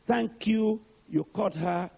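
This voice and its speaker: A man preaching, putting on a calm, tender voice for Jesus that is lower and slower than his own. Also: vocal fry, husky, full character voice. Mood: gentle. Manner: soft, low and unhurried. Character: gentle, tender male Jesus, calm and kind.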